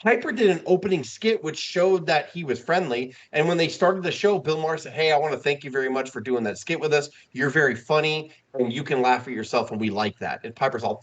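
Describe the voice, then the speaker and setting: A man co-hosting a podcast in casual chat, retelling a story with lively acted-out quotes. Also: a little high, a little fast, hardly any pauses. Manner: animated storytelling, acting out quotes. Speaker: podcast co-host.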